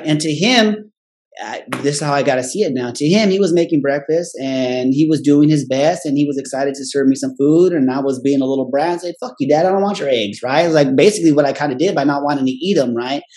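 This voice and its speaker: His voice sits on the high side with a darkish tone as he tells a frank personal story in loose, profane language. Almost every phrase ends in a questioning "right?", and he briefly imitates his relatives in quick voices when quoting them, all delivered bluntly.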